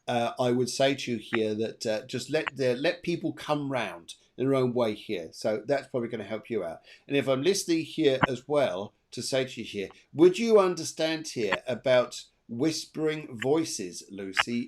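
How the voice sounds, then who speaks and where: A man hosting a live show and giving psychic readings in a chatty, animated way, laughing often. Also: mid-range voice. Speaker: medium and show host.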